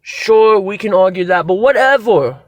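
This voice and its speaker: A man reviewing a wrestling show in a casual video, excitable and rambling, swearing freely as he goes. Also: sits high, moderate pace, no echo.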